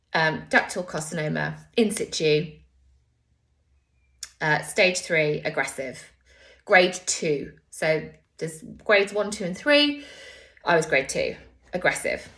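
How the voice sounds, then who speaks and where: Candid emotional woman, low voice. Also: creaky, sharp tone. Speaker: storyteller. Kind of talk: personal storytelling.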